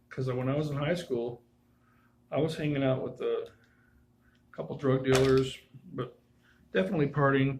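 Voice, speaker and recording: A man's voice: mid-range voice, a little hiss or hum, poor audio. A man casually telling a spooky personal story, rambling and full of asides and restarts.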